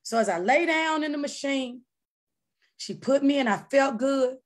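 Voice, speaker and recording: Female church missionary, high voice, lively storyteller who acts out voices and erupts in praise. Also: a little slow. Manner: animated storytelling, acting out quoted voices; bursts into shouted praise. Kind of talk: personal testimony at a prayer service.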